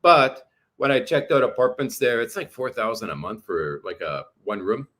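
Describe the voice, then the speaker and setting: A man's voice: mid-range voice, normal speed, a bit bright. A man from Canada talking casually to viewers, ranting with a lot of profanity and repeating himself. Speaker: vlogger. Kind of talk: casual livestream rant.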